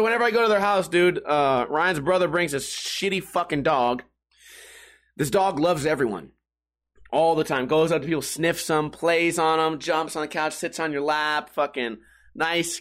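Profane, rambling podcast guy, slightly high. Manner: animated, jumpy delivery. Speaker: podcast host. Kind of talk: casual comedic monologue.

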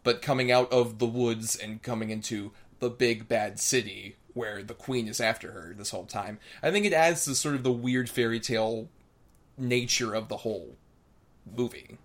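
A man's voice: medium pitch, moderate pace. A man co-hosting a casual film podcast, talking thoughtfully and analytically with plenty of filler words. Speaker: podcast co-host.

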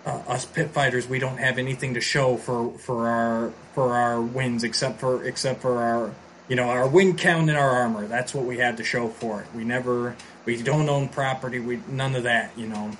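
A man's voice: medium pitch, steady tone, moderate pace, fairly bright tone, close to an everyday voice. A man putting on a proud pit fighter who boasts about his wins and his armor. He sounds indignant and self-important, close to a natural speaking voice, with faint background noise.

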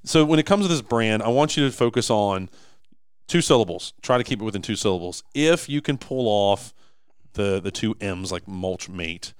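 Animated man with smooth low voice. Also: moderate pace, no echo, studio quality. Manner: animated, emphatic, frequent restarts. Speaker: podcast co-host, business owner. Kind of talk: casual podcast chat.

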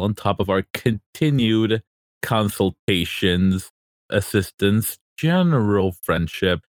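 A man voicing a sly crew boss who makes his pitch in a wheedling, chatty way. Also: no room sound, studio quality. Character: sly, smooth-talking male crew boss.

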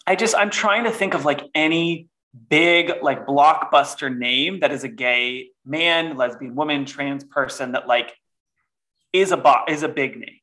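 A man with a slightly high voice talks in a casual podcast chat. He is animated and theatrical, and he swears freely. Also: unhurried. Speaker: podcast co-host.

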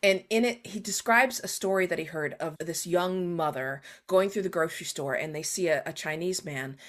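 Animated woman author acting out quotes. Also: fairly low pitch, normal speed. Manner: animated, acts out quoted voices. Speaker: author being interviewed. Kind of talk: conversational interview.

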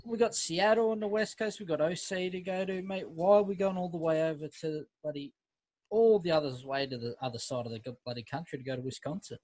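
A man's voice: a little high, quick pace, dark tone, no echo, poor audio. This is a man chatting loosely on a podcast. He is brash and swears often, and his voice is dry and close to the mic. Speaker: podcast host. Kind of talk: casual banter.

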